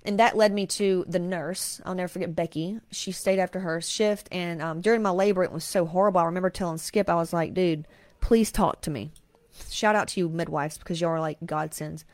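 A woman in her thirties with a drawl speaks candidly and emotionally, swearing as she opens up about her life. Her voice sits a little low. The sound is close and dry, with no room around it. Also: steady tone, brisk, hardly any pauses, no room sound. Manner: emotional, confessional, frequent swearing. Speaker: podcast host. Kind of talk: candid personal storytelling.

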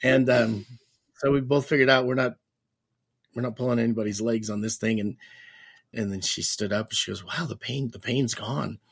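Husky-voiced man telling stories. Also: mid-range voice, a little fast. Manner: animated storyteller, acts out quoted dialogue with restarts. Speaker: podcast guest, Christian minister. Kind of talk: casual storytelling.

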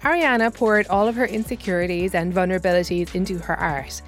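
A woman's voice: lowish voice, a little fast, soft background music. A woman hosting a podcast, narrating and interviewing in a conversational, storytelling way. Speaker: podcast host.

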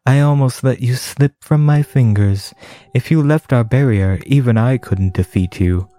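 A man voicing an arrogant male demon lord in a game, with a slow, gloating drawl. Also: mid-range voice, warm tone, lightly acted.

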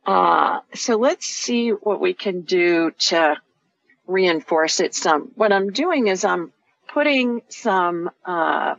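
A woman's voice: lowish voice, animated, takes it slowly, creaky, dry recording. Chatty radio host woman. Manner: chatty, reassuring, describes visions step by step. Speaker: radio show host, intuitive healer. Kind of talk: live call-in radio show. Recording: dry, muffled radio audio.

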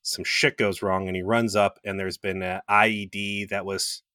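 A man co-hosting a podcast speaks low, with a sharp and forceful tone in a dry, close recording. He jokes and swears in casual review chat, retelling scenes with quoted voices. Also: little pitch movement, normal speed, smooth, no echo. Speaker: podcast co-host.

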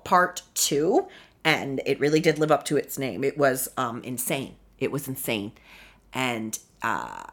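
Animated woman podcast host, lively pitch. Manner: animated, swings between mumbling asides and loud exclamations. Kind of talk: casual solo podcast recap.

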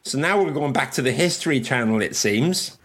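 A man's voice: medium pitch, expressive, fairly quick, fairly bright tone, breathy edge. A man co-hosting a casual, joking chat stream. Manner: chatty, joking, puts on silly robot voices. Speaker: livestream co-host.

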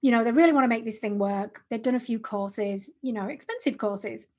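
Chatty woman, husky voice. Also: on the high side, a little fast. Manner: chatty, animated, repeats and restarts words. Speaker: podcast co-host. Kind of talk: casual business podcast chat.

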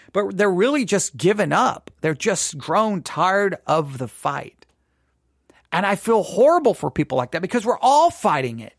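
A man teaching in a sermon style, answering listener questions, earnest and animated, often repeating words and restarting. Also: high-pitched, dry recording, studio quality. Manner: earnest, animated, acts out imagined people.

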